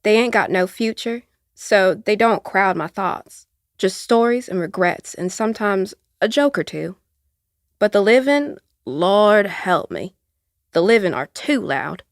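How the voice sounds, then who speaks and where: An actress with an Appalachian accent playing an elderly aunt who sees the future, speaking in a slow, soft, folksy drawl. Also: female voice, mid-range voice, lively intonation, no room sound, clean studio sound. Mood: weary. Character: elderly Appalachian aunt, seer, gentle and weary. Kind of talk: audio drama acting.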